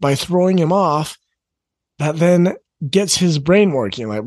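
A man's voice: fairly high pitch, animated, measured pace, a little mellow, no room sound. A middle-aged man coaching parents in an earnest, conversational talk, repeating his key phrases. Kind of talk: direct-to-camera advice talk.

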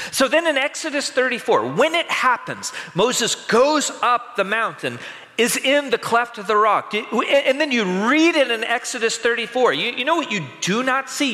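Male pastor, bright tenor, slow and deliberate, dramatic sermon delivery. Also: high-pitched, long reverb tail. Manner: dramatic scripture reading, rising to shouts.

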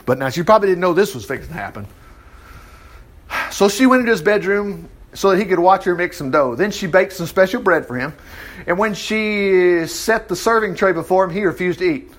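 Preacher, high voice, big swings, wry asides. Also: male voice, expressive, brisk, a bit bright. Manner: folksy asides, wry commentary. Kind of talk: sermon, conversational storytelling.

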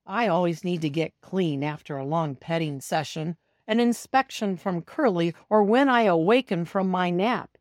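Speaking as a cat in the first person, a woman reads a children's storybook to young listeners, addressing them directly. Her voice sits lowish, and her slow, expressive telling is captured at studio quality with no echo.

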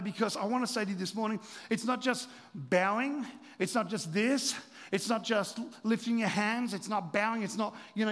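A middle-aged man giving a sermon as pastor, animated and playful, with asides to the congregation. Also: high voice. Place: church hall. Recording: reverberant hall.

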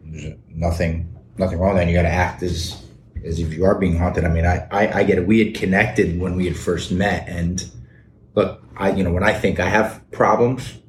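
A man hosting a podcast, chatting casually and thinking out loud. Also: sits low, fairly even intonation, normal speed. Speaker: podcast host. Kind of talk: casual interview chat. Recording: roomy with faint noise.

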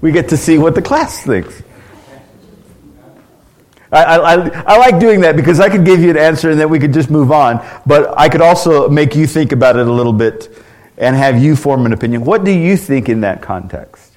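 A man's voice: a little high, animated, moderate pace, a little mellow. A man pastor teaching a church class in an earnest, conversational way, asking the group questions and often restarting his words.

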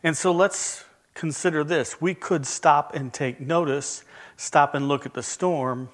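A man preaching a sermon, measured and earnest, leaning on key words with emphatic pauses. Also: medium pitch.

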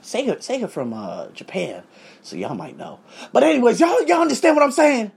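A man in his thirties from Las Vegas spins a casual story for his viewers. His voice is gravelly and husky and swings widely up and down in pitch. He swears freely and often laughs as he talks. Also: brisk. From Las Vegas, USA. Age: 30s. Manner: animated, profane, laughs often.

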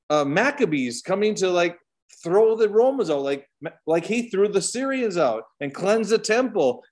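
High-voiced Canadian man teaching Bible study. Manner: conversational, rhetorical questions, side tangents.

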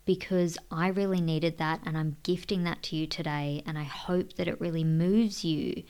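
A woman, hosting a heartfelt solo podcast, earnest and emotional, often sinking to a soft breathy near-whisper. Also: deep voice, steady tone, moderate pace. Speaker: podcast host and women's coach.

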